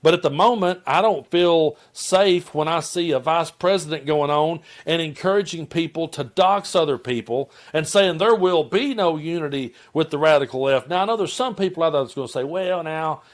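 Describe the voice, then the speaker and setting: A man's voice: fairly high pitch, moderate pace, few pauses. A man from Tennessee with a Southern accent, giving impassioned political commentary and calling his viewers folks. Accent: Southern American.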